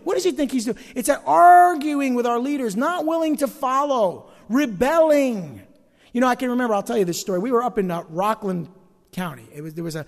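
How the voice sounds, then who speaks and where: A middle-aged male pastor preaching a sermon to a congregation with humor and self-mockery, acting out everyday complaints as he goes. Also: high voice. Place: church sanctuary. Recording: reverberant church hall.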